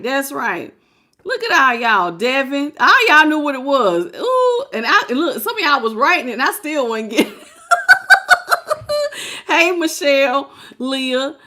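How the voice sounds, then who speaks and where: An animated woman reading tarot cards live, her voice bright and forceful and pitched a little high. She chats freely with her audience, greeting them by name and laughing often. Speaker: tarot reader.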